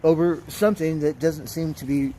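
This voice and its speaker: A man's voice: fairly high pitch, normal speed, slight background noise. A man livestreaming outdoors, telling a story in a casual, profane way, chuckling as he goes. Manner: profane, chuckling, animated retelling.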